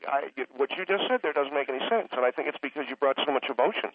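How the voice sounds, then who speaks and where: A man calling in to a radio show, talking down to the host and interrupting him again and again to calm him. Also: medium pitch, fast talker, no echo. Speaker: caller. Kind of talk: radio call-in argument. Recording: tinny phone line.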